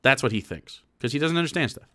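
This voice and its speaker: A man's voice: mid-range voice, expressive, quick pace, a bit bright. A young man reacting to a video on stream, with casual, profane commentary and laughing asides.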